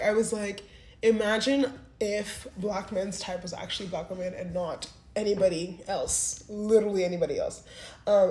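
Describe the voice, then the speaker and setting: A woman's voice: mid-range voice, dark tone. A woman in her twenties casually telling a candid, rambling personal story full of "like". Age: 20s. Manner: candid, rambling, heavy use of "like". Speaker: vlogger. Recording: roomy echo.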